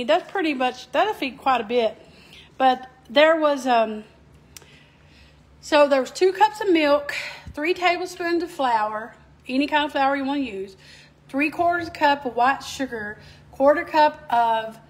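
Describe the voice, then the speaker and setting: Chatty Southern woman, high voice. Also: lively intonation, measured pace. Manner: homey, chatty, addresses viewers as y'all. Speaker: home cook host. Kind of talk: casual cooking demo.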